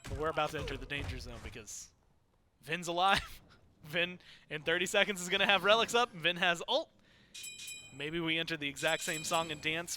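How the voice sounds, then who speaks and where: Male esports caster, bright high voice, excitable play-by-play, faint noise bed. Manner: excitable, rises to shouts on big plays. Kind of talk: play-by-play commentary.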